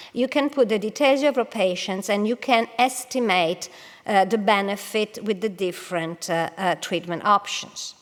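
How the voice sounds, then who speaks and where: Woman lecturing in a reverberant hall. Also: a little high. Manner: careful, with frequent hesitations and restarts. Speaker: oncologist presenting at a medical congress. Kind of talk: conference lecture. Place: large congress hall.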